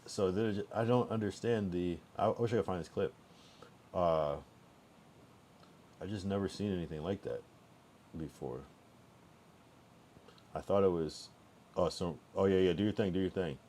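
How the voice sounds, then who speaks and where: Man, streamer, very deep voice, rambling casual chat. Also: normal speed, pauses often, warm tone, slight background noise. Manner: rambling, thinks aloud with many restarts.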